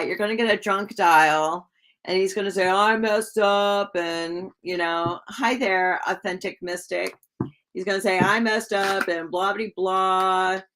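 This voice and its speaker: A woman giving live-stream tarot readings in a chatty, gushing way, full of likes and ums and quick laughs. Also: on the low side, gravelly. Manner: chatty, warm to viewers, laughs often. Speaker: tarot reader.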